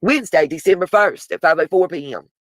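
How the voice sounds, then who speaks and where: A woman hosting a live stream, blunt and quick to swear, chatting straight back to her viewers between text messages she reads aloud. Her voice sits close and dry on a desk mic with no room sound. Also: on the low side, dry recording, poor audio.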